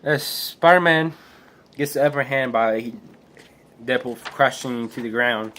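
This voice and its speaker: A man's voice: medium pitch, measured pace, sharp tone, slight background noise. A man casually retelling a comic book aloud, hesitant with restarts and fillers. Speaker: comic book reader and reviewer.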